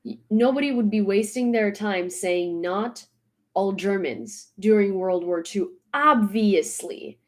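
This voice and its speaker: A woman's voice: mid-range voice, takes it slowly. A woman delivering a blunt, exasperated vlog rant, hammering her points home by repeating them. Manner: emphatic, repeating points for stress. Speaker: social media commentator.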